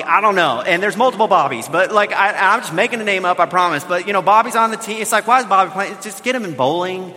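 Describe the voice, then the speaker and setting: A man in his thirties, a pastor telling a lively family story in a sermon, now and then raising his voice. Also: sits high. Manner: animated storytelling with bursts of shouting. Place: church sanctuary. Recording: long reverb of a large hall.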